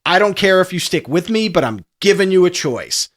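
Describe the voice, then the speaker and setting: A man's voice: sits high, big pitch swings, a little fast, fairly bright tone, voice pushed up, exaggerated voice. A man voicing a panicked, purple-haired young man on the run, urging someone to follow him. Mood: urgent. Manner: urgent, breathless pleading.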